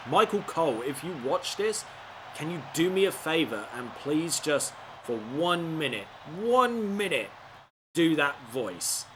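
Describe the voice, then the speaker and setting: A man playing a wrestling video game and reacting with playful, animated commentary. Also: fairly high pitch, measured pace, slight background noise. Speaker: game player. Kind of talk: gaming commentary.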